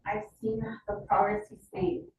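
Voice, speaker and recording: A woman's voice: mid-range voice, lively intonation, normal speed, noisy background. A woman speaking as a mother at a school board meeting, emotional and pleading for her child. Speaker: mother speaking at public comment. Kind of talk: public comment. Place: large public meeting hall. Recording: very echoey hall, distant mic, faint ambience.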